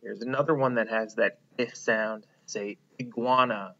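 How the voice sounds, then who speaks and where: A man teaching a phonics lesson to young children, slowly prompting them to repeat words and praising them. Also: on the low side, steady tone, bright, forceful tone, highs cut off. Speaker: kindergarten teacher.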